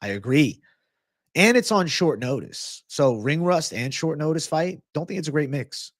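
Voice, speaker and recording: A man's voice: fairly high pitch, lively intonation, moderate pace, no room sound, clean studio sound. A young man hosting a live MMA and fitness stream, chatting casually, swearing and thanking viewers. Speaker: livestream host.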